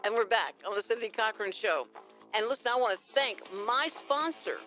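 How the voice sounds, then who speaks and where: A woman's voice: fairly high pitch, lively intonation, normal speed, bright, forceful tone, faint music behind. A middle-aged woman hosting a talk radio show, bubbly and rambling, laughing often.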